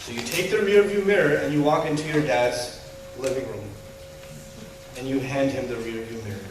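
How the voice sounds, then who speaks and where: A man giving an Islamic lecture to a live audience in an animated, humorous way, full of rhetorical questions. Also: mid-range voice, moderate pace, background noise. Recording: echoey hall, distant mic.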